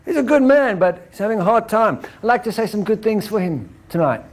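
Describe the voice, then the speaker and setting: A man doing a calm, earnest shaman. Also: high voice, voice pushed up. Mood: earnest prayer. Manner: slow, soothing invitations and earnest prayer. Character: calm male shaman leading a healing ritual.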